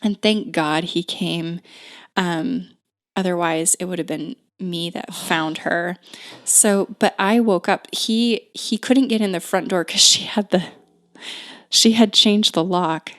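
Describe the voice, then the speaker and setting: A woman in her thirties telling a personal story as a podcast guest, unhurried and full of "like" fillers and restarts. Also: on the low side, a bit bright.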